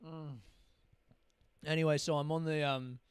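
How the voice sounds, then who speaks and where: A man's voice: a little high, flat delivery, unhurried, clean tone, no room sound, studio quality. A young man, rambling through a casual solo podcast with plenty of swearing and self-deprecating asides. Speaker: podcast host.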